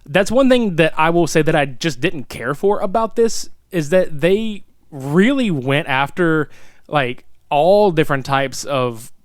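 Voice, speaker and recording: A man co-hosting a podcast in casual chat, profane and animated, laughing often. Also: fairly high pitch, unhurried, dry recording, clean studio sound. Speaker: podcast co-host.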